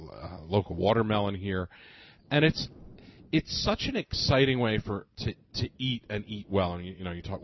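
A man's voice: low-pitched, highs cut off. Enthusiastic, stammering radio co-host man. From Northeast US. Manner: enthusiastic, halting with many restarts. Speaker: radio show co-host, restaurateur. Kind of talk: casual radio food chat. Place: radio studio.

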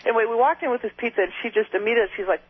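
A quick, high-voiced woman reporter chatting over a tinny phone line. She rambles through her stories, restarting sentences as she goes, and her voice has a husky edge. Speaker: newspaper reporter, radio guest. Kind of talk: casual phone-in chat. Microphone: telephone.

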